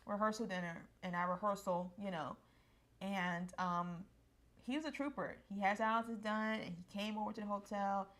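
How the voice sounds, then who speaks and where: A woman's voice: mid-range voice, fairly even intonation, normal speed, a bit bright. A woman in her thirties chatting casually with her husband as they look back on their wedding, talkative and affectionate, sometimes getting emotional. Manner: chatty, affectionate, emotional at times, frequent laughs. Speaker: co-host of a couple's channel. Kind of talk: casual reminiscing chat.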